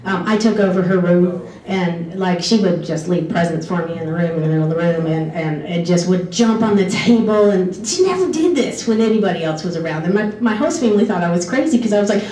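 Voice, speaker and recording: A woman's voice: lowish voice, fairly quick, few pauses, warm tone. Chatty woman telling stories, echoey room. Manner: chatty, goes off on tangents, laughs often. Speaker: former exchange student telling stories. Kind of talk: casual storytelling talk. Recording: echoey room, distant mic, faint background hiss.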